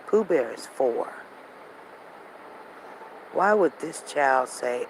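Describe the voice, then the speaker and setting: A woman hosting a casual show, telling a family story in a repetitive, animated, conversational way while walking outdoors. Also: very deep voice, takes it slowly, gravelly, pauses often, slight background noise, rough recording. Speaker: show host. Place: walking outdoors near traffic.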